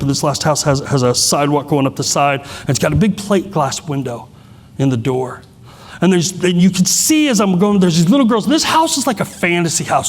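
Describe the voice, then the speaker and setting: Man, middle-aged, high-pitched, candid self-deprecating storyteller, keynote speaker. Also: a little mellow, long reverb tail.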